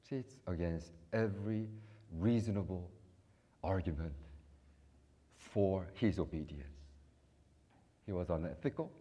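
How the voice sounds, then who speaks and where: A middle-aged man preaching a sermon, acting out prayers and dialogue, with sudden loud rises and soft low passages. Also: a little slow, long pauses, breathy edge. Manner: acts out prayers and voices in dialogue. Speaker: pastor.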